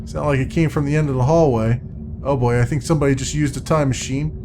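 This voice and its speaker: A man's voice: mid-range voice, fairly even intonation, quick pace, over music. Man thinking aloud over a game. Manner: thinking out loud, chatty. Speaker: let's play host. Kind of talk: casual gameplay commentary.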